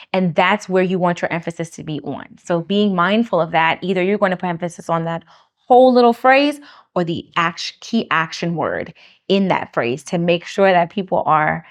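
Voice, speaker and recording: Fast-talking New woman coach. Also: lowish voice. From New York. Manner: lively, laughs often, acts out quoted lines; fast speech that she says jumbles words. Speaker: speech coach. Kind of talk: casual interview chat.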